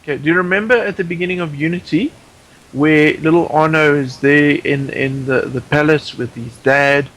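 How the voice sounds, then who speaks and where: A man's voice: fairly high pitch, fairly even intonation, moderate pace, fairly bright tone, poor audio. A man guest on a podcast in casual chat, opinionated and rambling, with many restarts.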